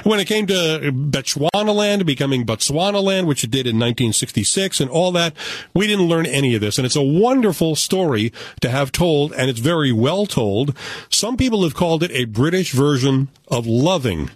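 American guy chatting about movies, opinionated, jokey, slightly high voice, dead dry sound. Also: normal speed, dry recording. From United States. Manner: animated, opinionated, joking. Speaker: film critic. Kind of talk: casual film review chat.

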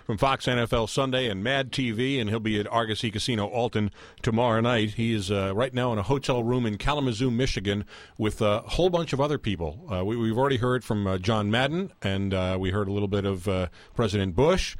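A man's voice: fairly low pitch, fairly quick, dry recording. A male radio talk show host interviewing a guest, conversational and joking along. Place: radio studio.

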